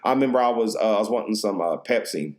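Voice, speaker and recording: A man's voice: fairly low pitch, lively intonation, quick pace, darkish tone. A young man hosting a podcast, telling a story in a rambling, profane casual chat full of fillers. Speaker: podcast host.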